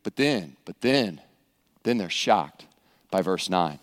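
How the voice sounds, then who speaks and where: A man's voice: sits low, lively intonation, moderate pace, in a large hall. A man preaching a sermon, acting out scenes with humor. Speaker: pastor.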